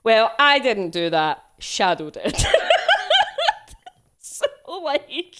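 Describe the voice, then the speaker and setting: Young woman gaming stream, slow lively chatter, laughs and swears a lot. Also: fairly high pitch. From United Kingdom. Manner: laughs a lot, swears freely, rambling banter. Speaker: game streamer. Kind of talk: casual let's play commentary.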